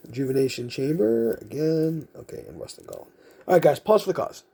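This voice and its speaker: A man's voice: on the high side, lively intonation, a little fast, creaky, warm tone, slightly rough. A man vlogging casually as he sorts through collectible cards, thinking aloud in a rambling, self-mocking way. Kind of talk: casual unscripted commentary.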